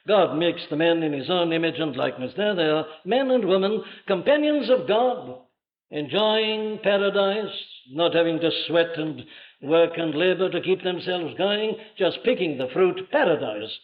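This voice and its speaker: An older man preaching a sermon with emphatic rhetorical questions and dramatic swells of voice. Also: fairly high pitch. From Wales. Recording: dull lo-fi archive sermon recording.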